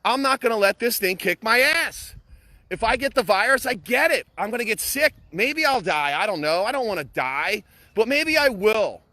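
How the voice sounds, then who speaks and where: A man's voice: high voice, big pitch swings, moderate pace, sharp tone, no echo. A middle-aged man giving an impassioned, blunt pep talk to camera, emphatic, repetitive and peppered with swearing. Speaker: motivational vlogger.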